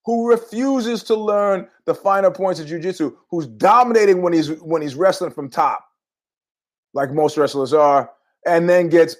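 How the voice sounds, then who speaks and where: A middle-aged man hosting a podcast, telling rambling, jokey stories in a casual monologue with asides. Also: fairly high pitch. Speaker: podcast host.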